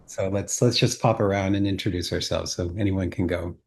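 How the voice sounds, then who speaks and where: A man leading a workshop over a video call, relaxed and encouraging. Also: low voice, brisk, gravelly. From Cape Cod, Massachusetts. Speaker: workshop facilitator. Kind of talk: casual video call chat.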